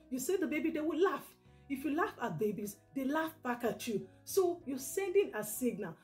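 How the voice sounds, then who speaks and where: Female educator, slightly higher voice, emphatic repetitive delivery, faint music bed. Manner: repetitive, emphatic advice, demonstrates soft baby talk. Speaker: early years educator. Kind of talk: instructional talk to parents.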